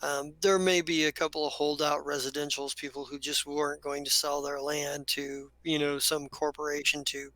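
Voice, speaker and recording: A man's voice: fairly high pitch, flat delivery, normal speed, hardly any pauses, pushed and bright, no room sound, low-quality recording. A man narrating a tabletop role-playing game as game master, rambling with many fillers and restarts.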